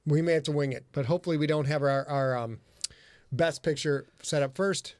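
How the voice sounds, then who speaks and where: A man's voice: fairly high pitch, fairly even intonation, fairly quick, a little mellow, dry recording. A man hosting a casual podcast chat, joking around and getting flustered, restarting his sentences. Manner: jokey, flustered, rambling with restarts. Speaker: podcast host and author.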